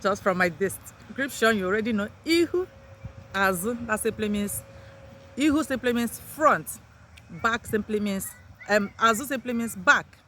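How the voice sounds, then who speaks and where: A woman's voice: normal speed, bright, forceful tone, a little hiss or hum. A woman teaching a vocabulary lesson, saying each new word in a lifted voice and repeating it before explaining. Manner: lifts words sharply in pitch when introducing them. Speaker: language teacher.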